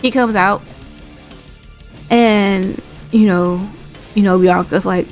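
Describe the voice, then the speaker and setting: A woman's voice: slow, long pauses. Chatty woman recapping wrestling, faint music behind. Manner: animated retelling, acts out quotes in a higher voice; chatty with frequent fillers and asides. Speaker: wrestling commentator recapping a show. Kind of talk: casual recap vlog.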